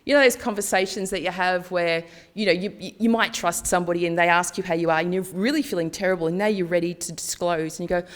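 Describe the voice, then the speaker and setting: A woman's voice: fairly low pitch, steady tone, fast talker, hardly any pauses. A woman giving a candid conference talk, chatty and acting out dialogue as she tells personal stories. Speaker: conference speaker. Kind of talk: personal storytelling presentation.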